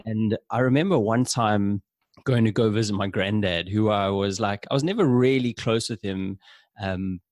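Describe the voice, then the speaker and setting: Guest: young South African man, low voice, loose chatty storyteller, dry sound. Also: moderate pace, dry recording. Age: young adult. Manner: relaxed storytelling with fillers. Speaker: podcast guest. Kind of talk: casual interview chat.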